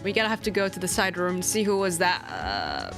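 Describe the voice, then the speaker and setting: A woman's voice: on the low side, wildly swooping pitch, fairly quick. A woman giving casual, giggly commentary while reading a game aloud, over game music. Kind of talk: casual let's-play commentary.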